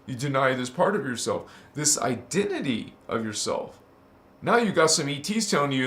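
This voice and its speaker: A man giving an impassioned spiritual talk, casual and slangy, swearing and flaring up into loud outbursts. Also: medium pitch, very animated, normal speed, roomy sound. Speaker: spiritual teacher.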